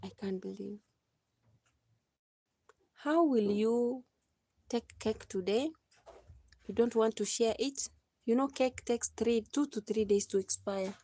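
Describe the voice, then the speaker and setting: Chatty Kenyan woman live-streaming, slightly high voice. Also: takes it slowly, pauses often, mellow. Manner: chatty, laughs often, preachy asides. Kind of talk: casual live-stream chat.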